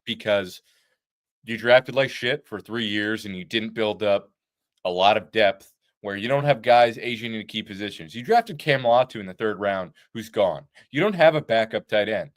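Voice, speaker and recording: A man's voice: fairly low pitch, moderate pace. A man co-hosting a football analysis show, talking casually and bluntly, with filler words and rhetorical checks. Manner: casual, profane, lists points with "like" and "right?". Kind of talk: postgame sports analysis.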